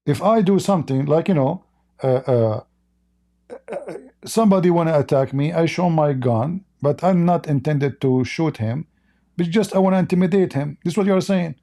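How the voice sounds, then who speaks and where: A man's voice: on the high side, moderate pace, mellow. Sarcastic man arguing in a debate. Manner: argumentative, sarcastic, mocking questions; non-native English grammar. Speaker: debate host. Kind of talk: heated live-stream religious debate.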